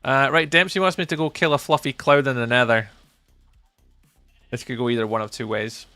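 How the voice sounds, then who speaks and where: A man's voice: medium pitch, steady tone, brisk, bright, forceful tone, dry recording, faint music behind. A Scottish man live-streaming a game, chatting with viewers and muttering to himself as he plays. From Scotland. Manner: chatty, answers chat readers by name, mutters to himself while playing. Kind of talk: live-stream chat while gaming.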